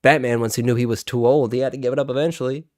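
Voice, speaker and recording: A man's voice: mid-range voice, steady tone, very fast, a little mellow, no room sound, studio quality. A man in his twenties with a heated, profane, exasperated way of talking as he hosts a reaction video. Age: 20s. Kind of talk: ranting reaction commentary.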